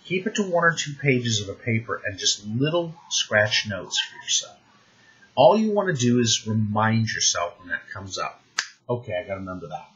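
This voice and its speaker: Man, game master giving tips, lively up-and-down pitch, bright husky voice, lo-fi recording. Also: moderate pace. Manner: animated, conversational, many restarts. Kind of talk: advice talk to the camera. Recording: dull lo-fi recording.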